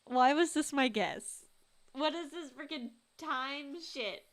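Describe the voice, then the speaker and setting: A woman's voice: high-pitched, takes it slowly. A woman streamer giving casual, joking gameplay commentary, swearing now and then.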